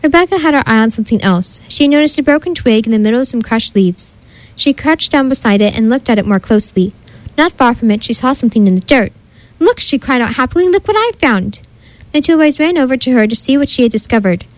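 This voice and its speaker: A woman's voice: fairly high pitch, lively intonation, quick pace, no room sound, rough recording. Woman reading a children's story aloud.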